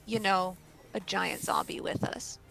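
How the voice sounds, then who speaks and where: A woman's voice: on the low side, unhurried, creaky, a bit bright, poor audio. A woman player in a tabletop game, talking in a playful, rambling way. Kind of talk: casual tabletop play.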